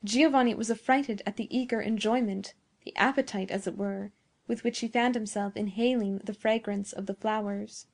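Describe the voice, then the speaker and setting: A woman narrating a nineteenth-century story in a measured storytelling manner. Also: medium pitch, fairly even intonation. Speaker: audiobook narrator. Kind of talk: scripted narration.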